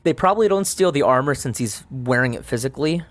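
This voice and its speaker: A man playing a solo tabletop game, muttering dice counts aloud and narrating the results in a relaxed, casual way. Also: medium pitch, quick pace, dry recording. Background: faint background music.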